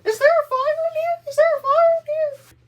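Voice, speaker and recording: A man voicing a panicked woman roommate shrieking in alarm about a fire, in a shrill, frantic voice. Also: steady tone, moderate pace, far from the mic, slight background noise.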